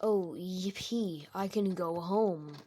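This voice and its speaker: A woman's voice: lowish voice, slow, warm tone, slight background noise. A woman voicing a lazy young male night guard who whines and panics easily, in a homemade game-video story. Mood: whiny.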